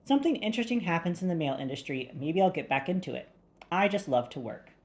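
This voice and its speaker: Understated male hired killer, read by a woman, low voice, audiobook. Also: lively intonation, fast. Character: male ex-commando henchman, calm, understated.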